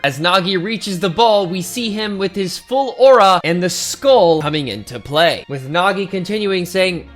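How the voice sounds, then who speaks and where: A man's voice: a little high, animated, moderate pace, hardly any pauses, a bit bright, soft background music. Man narrating a manga chapter recap. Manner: run-on, enthusiastic retelling. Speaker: manga reviewer.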